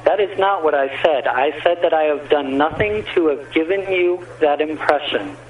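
A polite restaurant manager on the phone, a man who stammers and keeps answering with sir. His voice sits a little higher than most men's. He sounds far from the mic. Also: moderate pace, a little hiss or hum. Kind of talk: phone call. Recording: distant phone line.

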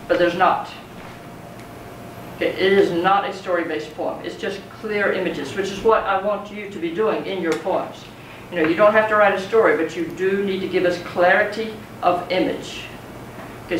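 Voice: medium pitch, fairly bright tone. Teacher lecturing in a roomy classroom. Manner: conversational, checks in with students. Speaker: poetry teacher. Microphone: far from speaker. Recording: roomy classroom, mic far off, faint noise.

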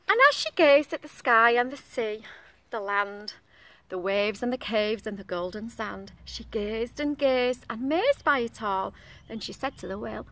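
A woman's voice: a little high, a bit bright. A woman reading a picture book aloud to young children in a sing-song voice, stopping to ask them questions.

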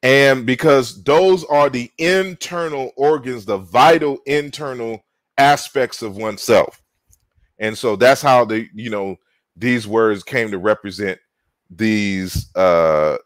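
A man giving an online lecture, slow and halting, spelling out words and often repeating himself. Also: medium pitch, no room sound.

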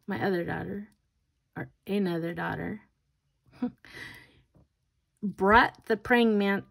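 An older woman and grandmother chatting casually while doing her nails, telling a rambling story with laughs and restarts. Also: fairly low pitch. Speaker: nail art vlogger.

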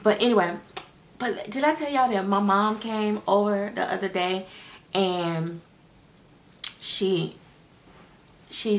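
A woman's voice: mid-range voice, vocal fry. A middle-aged American woman chatting casually to her viewers in a sassy, direct way about her dolls. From United States. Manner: chatty, sassy, talks straight to viewers as y'all. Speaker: doll-making vlogger. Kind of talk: casual chat to camera.

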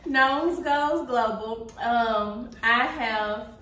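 Slow-talking high-voiced woman from Houston. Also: fairly bright tone, a little hiss or hum. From Houston, Texas. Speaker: guest friend. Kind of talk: casual chat. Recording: echoey room, mic far off.

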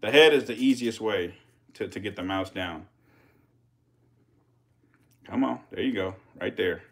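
A man giving casual live-stream commentary as a reptile keeper, chatty with viewers, swearing and getting excited. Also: fairly low pitch, unhurried, vocal fry.

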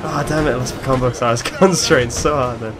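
A man hosting a let's play, giving excitable, chatty gameplay commentary and laughing often. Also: mid-range voice, fast, over music.

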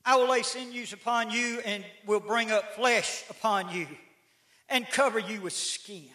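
A middle-aged man preaching a sermon in a church, folksy and rising to shouts. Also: high-pitched, steady tone, unhurried. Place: church sanctuary. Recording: echoey church livestream.

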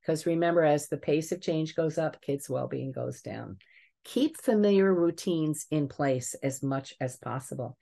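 An older woman, a family psychologist, giving a webinar lecture and telling lively case stories. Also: low voice, measured pace, gravelly. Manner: lively storytelling, chuckles at examples.

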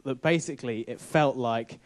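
A man speaks at a mid pitch, earnest and informal as he tells a story to a church group. His telling is animated and conversational, in the manner of a training talk given inside a church building. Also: normal speed.

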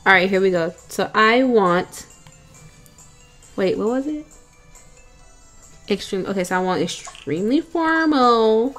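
A woman's voice: mid-range voice, animated, unhurried, pauses often, a bit bright, soft background music. A young woman giving chatty, giggly commentary while playing a game, talking to viewers as y'all. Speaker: let's play gamer.

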